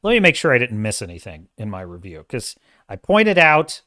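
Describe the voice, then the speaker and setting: Hosting a live-stream show, a man with a mid-range voice reviews a movie at a normal speed. He's opinionated and animated, rambling and frequently correcting himself partway through a thought. The audio is studio quality with no room sound.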